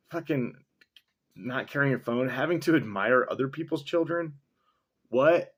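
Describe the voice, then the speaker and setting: A man's voice: medium pitch, unhurried, fairly bright tone. Rambling, profane man musing aloud. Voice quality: mustache-wearing man chuckling between remarks. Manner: profane, sarcastic, thinks aloud with many fillers. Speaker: vlogger reading and reacting to a text. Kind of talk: casual rambling commentary.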